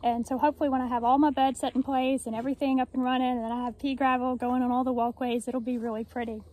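She talks fast in a high, darkish voice with little pitch movement, a gardening vlogger explaining each step to the camera as she works in her backyard. At times she's short of breath. The audio is poor.

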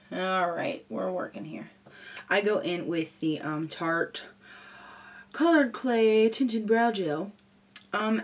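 A young woman chatting casually and goofily while doing a makeup tutorial. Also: fairly low pitch. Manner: goofy, chatty and rambling. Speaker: beauty vlogger.

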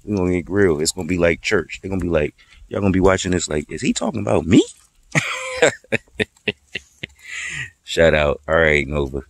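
Man, very deep voice, casual cooking vlog, teasing, laid-back slang. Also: fairly even intonation, fast, no echo. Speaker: vlogger cooking at a grill. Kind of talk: casual joking monologue while cooking.

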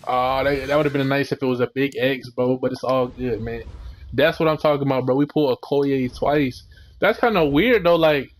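A young man giving casual, slangy commentary while opening packs in a video game, relaxed but breaking into excited outbursts. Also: medium pitch, normal speed, slight background noise. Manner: laid-back slangy chatter, sudden excited outbursts. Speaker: gaming channel host.

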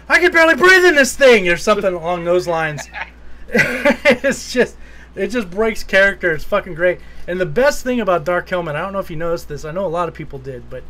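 Rambling, swearing man, slightly high voice. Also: expressive, brisk, fairly bright tone. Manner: rambling, swears freely, laughs while retelling scenes. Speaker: podcast co-host. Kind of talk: casual movie review chat.

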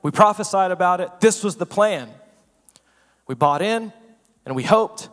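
A man preaching a sermon as pastor, swinging between loud emphasis and hushed asides and asking the room rhetorical questions. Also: sits high, animated, a little slow. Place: church sanctuary. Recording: long reverb of a church hall.

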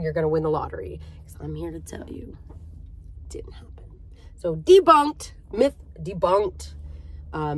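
A woman vlogger telling a personal story in a casual, chatty way, often speaking straight to her viewers. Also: lowish voice. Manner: chatty, conversational, with fillers and direct address.

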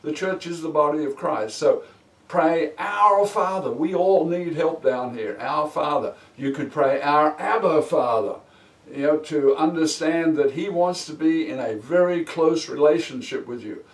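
A man teaching a Bible lesson as a sermon, slow and emphatic, stretching key words for weight. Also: a little high. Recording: echoey room, mic at a distance.

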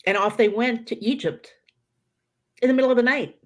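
A woman's voice: mid-range voice, quick pace, fairly bright tone. A middle-aged woman giving informal religious teaching, chatty, with many fillers and restarts. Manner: conversational, many fillers and restarts, acts out quoted voices. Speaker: Catholic teacher leading a prayer study.

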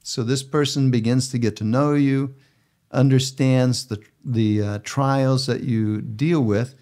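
A man speaking as a bishop on a podcast, measured and gentle, with frequent pauses and fillers. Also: mid-range voice, steady tone. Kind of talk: conversational podcast chat.

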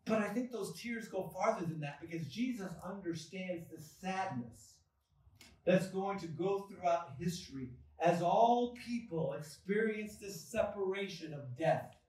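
Slow, high-voiced preaching man in an echoey church. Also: lively intonation, darkish tone. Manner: deliberate preaching with dramatic pauses and swells. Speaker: pastor. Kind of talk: sermon. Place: church sanctuary. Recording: echoey church hall from far off.

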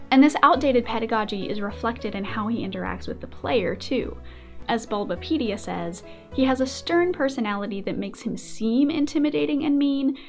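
Young woman host, upbeat commentary, a touch high, light music bed. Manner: playful, animated, frequent laughs. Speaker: video essayist host. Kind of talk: casual commentary.

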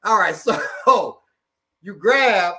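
A man with a notably high speaking voice runs a hands-on self-defense demonstration. He jokes as he goes and often repeats words while showing the moves. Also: extremely slow, crowd noise. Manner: animated, jokey, repeats words.

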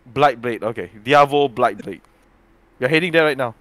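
A man playing a character in a tabletop role-playing game who exclaims and repeats himself when excited. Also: medium pitch, moderate pace. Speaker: player.

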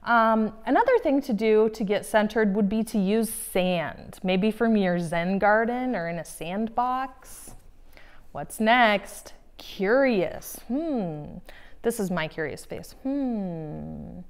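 A woman's voice: mid-range voice, expressive, slow pace. Woman playfully teaching kids about feelings. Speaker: children's lesson teacher. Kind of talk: children's lesson.

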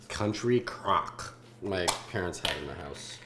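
A man in his twenties from Southern California hosting a casual food-tasting vlog, joking and swearing in deadpan asides. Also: low-pitched, measured pace, echoey room, noisy background. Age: 20s.

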